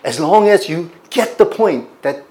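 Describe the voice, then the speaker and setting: A man with a fairly high voice preaches a teaching sermon, stopping often to put questions to his listeners. The recording carries the roomy echo of a church sanctuary. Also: animated, measured pace, mellow. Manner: teaching, asks the congregation questions. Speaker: pastor.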